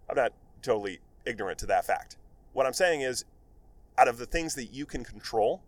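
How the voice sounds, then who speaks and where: A man's voice: medium pitch, no room sound. Rambling man with a dry sound. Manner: rambling, filler-heavy, animated storytelling. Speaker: podcast host, medical device rep. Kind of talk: casual solo podcast monologue.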